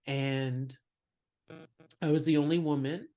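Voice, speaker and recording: Low-voiced woman telling stories. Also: slow. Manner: animated storyteller, laughs often. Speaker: guest comedian. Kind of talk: casual podcast chat.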